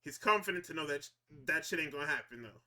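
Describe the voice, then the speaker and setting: In a fairly high voice and at a quick pace, a man does a casual, swear-filled wrestling recap for a podcast. Excitable and laughing often, he acts out the wrestlers' dialogue.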